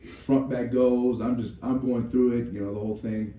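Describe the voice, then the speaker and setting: With a dark tone, mid-range pitch, fairly even intonation, and moderate pace, this male podcast co-host rambles through a profane story, leaning on "you know" again and again. The audio sounds roomy, the mic distant, with a faint hum.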